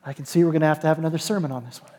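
A man's voice: a little high, steady tone, very fast, darkish tone, long reverb tail, a little hiss or hum. A man preaching a sermon as pastor, conversational and emphatic, with dry self-deprecating jokes.

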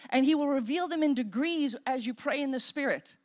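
A woman pastor preaching a sermon in an animated way, acting out inner voices and demonstrating praying in tongues. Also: sits high, fairly quick.

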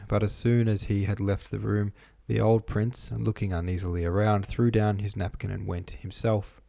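Low, mellow male audiobook narrator. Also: gravelly, dry recording.

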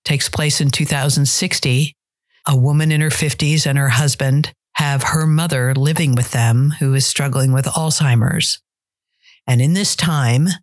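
A middle-aged woman who coaches dialects and directs theater, chatting in an interview and telling stories with restarts. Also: sits low. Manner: chatty storyteller, trails off and restarts. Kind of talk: casual interview conversation.

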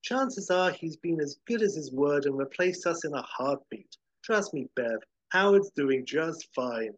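A man's voice: a little high, expressive, a little slow, rough recording. A man voicing a brash young woman bandmate who talks bluntly and teases. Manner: blunt and teasing.

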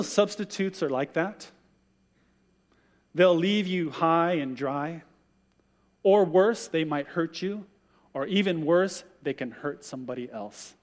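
Male pastor, sermon; higher voice, acts out quotes with animation; long room reverb.

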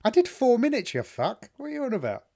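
A man's voice: extremely high pitch, fast talker, creaky. A man, a comedian, co-hosting a podcast in a joking, self-mocking casual chat. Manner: lively, jokey, self-mocking.

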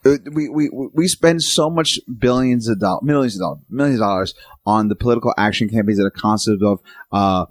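A man's voice: on the low side, brisk, no echo. A man co-hosting a podcast, trading dry jokes in casual banter. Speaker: podcast co-host.

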